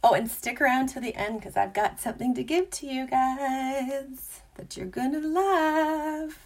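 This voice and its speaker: A young adult woman hosting a casual makeup tutorial, bubbly and chatty, sometimes dropping into a soft whisper. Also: sits high, measured pace.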